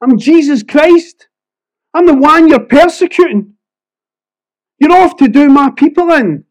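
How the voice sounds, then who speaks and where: Jesus rises above the preacher's usual tone here, a man doing a stern divine voice in a raised, high Edinburgh Scottish register. He presses with repeated questions, firm and insistent, inside a spoken sermon. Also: animated, measured pace, a little mellow, low-quality recording.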